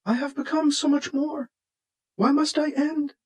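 A man's voice: very high-pitched, fairly quick, pitched above the performer's own voice. A man voicing a rogue artificial intelligence machine that pleads not to be shut down. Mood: pleading.

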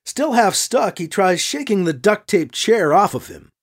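A man narrates a story with a high, lively voice that swoops across a wide range. His reading is expressive and animated. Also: a little slow, husky. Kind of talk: audiobook narration.

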